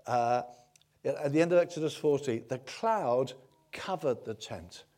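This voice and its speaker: A man preaching a sermon, retelling a story with swings from quiet to loud and many restarts. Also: medium pitch, measured pace.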